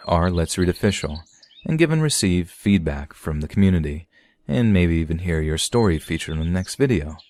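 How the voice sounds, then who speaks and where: Deep-voiced male horror narrator. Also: a little mellow, dry recording. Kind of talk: scripted narration.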